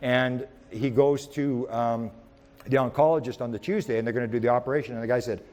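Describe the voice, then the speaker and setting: Male lecturer with an average pitch who tells rambling anecdotes in the present tense and often restarts. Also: a little fast. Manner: rambling, with frequent restarts and repeated words; animated storyteller who speaks in the present tense. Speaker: UFO researcher giving a talk.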